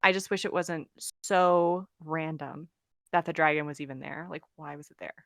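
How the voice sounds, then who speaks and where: Woman, podcast co-host, low-pitched, chatty recap, dry recording. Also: normal speed, dry recording. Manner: recaps plot in a chatty way, laughs often. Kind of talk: casual book discussion.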